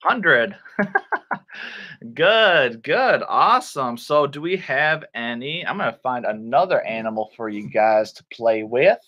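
Teaching children English online, this man from Michigan hams it up with exaggerated playfulness and goofy sound effects. He speaks slowly with a medium pitch and lively intonation, and the recording is dull.

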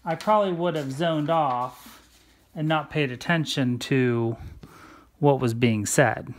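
A chatty cross-stitch vlogger who talks at an unhurried, slow pace. The voice sits in a middle pitch and wanders from thought to thought in a casual, rambling way while stitching.

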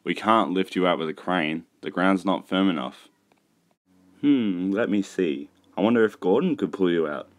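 A man's voice: low-pitched, normal speed, no echo, studio quality, lightly acted. A man voicing a stern, portly male railway boss in a storybook reading. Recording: music behind, poor mic.

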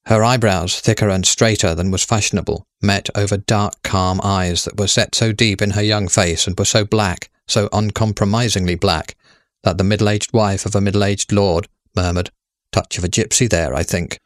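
A man narrating a story in a measured, steady way. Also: fairly low pitch, no echo, clean studio sound.

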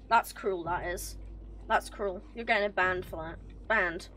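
A woman streaming a game live, excitable and swearing, talking to the game characters and to her chat. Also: medium pitch, measured pace, a little hiss or hum. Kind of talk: live gameplay commentary.

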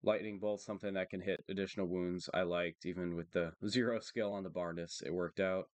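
Low, dry-voiced monotone male streamer. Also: fairly quick, dry recording. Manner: steady and matter-of-fact, thinking aloud about plays. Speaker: streamer and tournament player. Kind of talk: live card game commentary.

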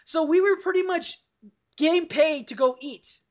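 High-voiced young woman telling a rowdy story. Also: normal speed. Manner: profane, rambling, laughs through the story. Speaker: podcast host. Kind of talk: casual storytelling over a call. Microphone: computer call mic. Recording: dull lo-fi call audio.

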